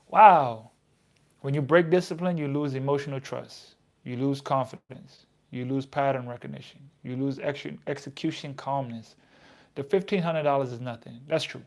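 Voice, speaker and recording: Reading trading advice out loud at a normal speed, this American man has a mid-range voice with a darkish tone. He reacts casually in his own words, reflecting to himself and emphatically repeating certain lines.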